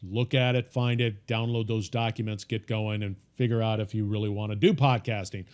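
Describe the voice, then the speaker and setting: A man's voice: fairly low pitch, steady tone, normal speed, a little mellow, clear, resonant tone. A man teaching an informal podcasting course, talking in a folksy, emphatic coaching way with frequent repeats and restarts.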